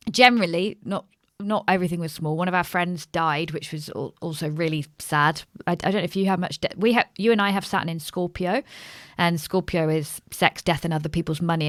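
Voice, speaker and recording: A woman in her thirties, an astrologer guest telling a story in casual podcast chat, animated, swearing casually and acting out the voices of people she quotes. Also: sits low, no echo, clean studio sound.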